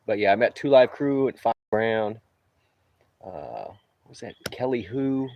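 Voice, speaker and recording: A man's voice: fairly low pitch, lively intonation, a little slow, creaky, dull audio, a little hiss or hum. A man in his fifties from New Orleans, chatting casually on a livestream while taking a break outdoors on a roof, rambling and easygoing with chuckling asides. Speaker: livestreamer and roofer.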